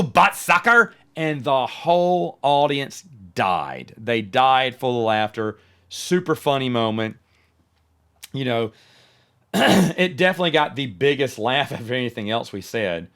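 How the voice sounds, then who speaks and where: A man talks alone on his podcast in a relaxed, chatty way. He tells anecdotes with lively energy and often starts a sentence over before finishing it. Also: medium pitch, a little slow, clear, resonant tone. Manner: chatty, animated storyteller who often restarts sentences. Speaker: podcast host. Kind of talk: casual solo podcast monologue.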